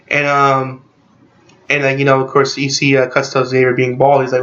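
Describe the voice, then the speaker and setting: A man casually recapping a movie in a rambling, excited way, packed with "like" fillers. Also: mid-range voice, normal speed, dull audio. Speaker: movie reviewer.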